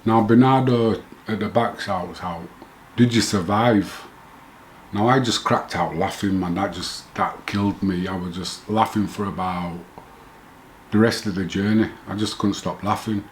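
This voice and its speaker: A man's voice: deep voice, fairly even intonation, moderate pace, a little hiss or hum. A middle-aged man telling his own story in a rambling, self-correcting way, chuckling now and then. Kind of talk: casual first-person storytelling.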